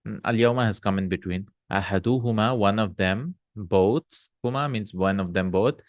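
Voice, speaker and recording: A man's voice: fairly low pitch, normal speed, no echo. A man teaching an Arabic grammar lesson, reading Arabic lines aloud and then translating them step by step, with frequent hums and uhs.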